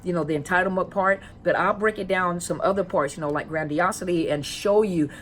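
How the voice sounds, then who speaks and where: A woman's voice: lowish voice, fairly quick, a little hiss or hum. A woman counselor giving a casual educational talk to viewers, conversational, with many rhetorical questions and repeated phrases. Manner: stalls with fillers while searching for words. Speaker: counselor and coach on narcissistic abuse.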